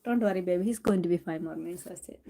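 A woman's voice: on the low side, mellow. A woman chatting casually on a live stream, doting on her cat and laughing often. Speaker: cooking channel host.

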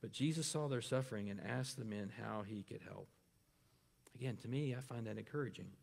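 Lower-voiced pastor preaching in a reverberant church. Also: male voice, brisk, gravelly, a little mellow. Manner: preaching with rhetorical questions to the congregation. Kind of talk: sermon.

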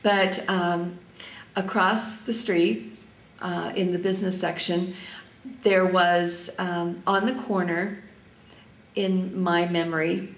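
An older woman from Indiana reminiscing in an oral history interview, halting often with ums. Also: fairly low pitch, flat delivery, reverberant, recorded from a distance, low-quality recording.

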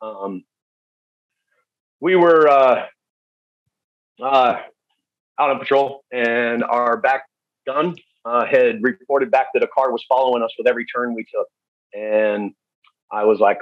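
A man shares stories as a podcast guest. He speaks candidly and haltingly, with lots of fillers, at a mid pitch. The recording sounds dry and a little dull. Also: steady tone, no room sound. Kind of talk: storytelling interview.

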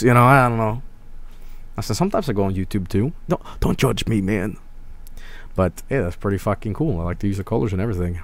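A man's voice: on the low side, lively intonation, a little fast, dry recording. A man streaming, chatting casually to his viewers in a rambling, crude, swear-filled way.

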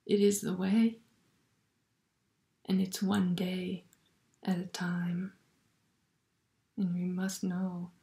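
A woman speaks in a slow, thoughtful way, sharing a spiritual reflection at an unhurried pace. Now and then her voice softens into a near-whisper. The recording carries a noticeable roomy echo. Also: fairly low pitch, little pitch movement, creaky. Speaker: Catholic video blogger.

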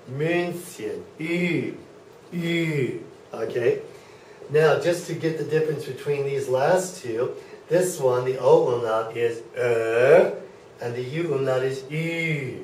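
A man lectures slowly and patiently to a classroom, pausing often to check that his students follow along. He is caught by a camera at the back of the room, his voice distant and ringing off the walls, with a faint hum of room noise underneath. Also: mid-range voice, darkish tone. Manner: patient, checks in with frequent okays. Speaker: German teacher. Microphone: far camera. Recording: echoey classroom from far off.

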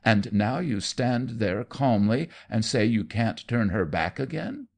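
A man voicing an indignant army colonel who demands and shouts. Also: lowish voice, animated, measured pace, creaky, voice pushed up, heavily acted.

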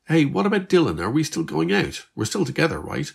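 A man's voice: wildly swooping pitch, a little fast, gravelly, breathy edge, full character voice. A man voicing Liz, a bewildered Irish teenage girl who gets upset easily, in a raised, pleading voice. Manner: shocked, pleading, high-pitched.

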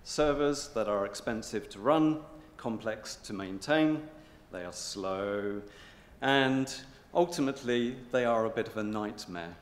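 Guy doing a rehearsed pitch, slow deliberate stresses, echoey hall. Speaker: presenter. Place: hotel conference hall. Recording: echoey hotel hall with long reverb.

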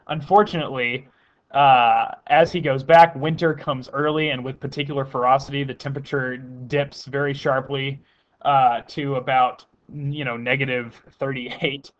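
A man's voice: mid-range voice, fairly even intonation, normal speed, lo-fi sound. A man giving a casual spoken history lecture, talking conversationally with frequent fillers and restarts.

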